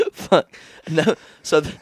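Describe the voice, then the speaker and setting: A man's voice: sits high, breathy edge, no room sound. A young man co-hosting a podcast in casual comedic chat, rambling, swearing freely and laughing often. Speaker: podcast co-host. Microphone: studio microphone.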